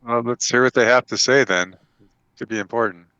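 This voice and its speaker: A man playing a knight at a tabletop game, loud, earnest and questioning. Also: medium pitch, a little fast, clear, resonant tone, no room sound, highs cut off. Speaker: player. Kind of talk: in-character tabletop role-play as a knight.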